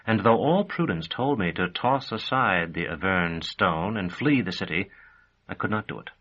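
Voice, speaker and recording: A male audiobook narrator with a fairly low voice, telling the story in a measured first person. His delivery stays steady. The recording sounds dull and slightly lo-fi. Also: slightly rough.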